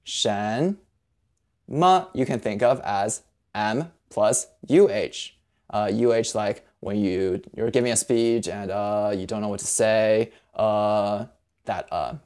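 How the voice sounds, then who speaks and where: A language teacher giving a video lesson, patient, spelling sounds out slowly and carefully. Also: mid-range voice, a little mellow.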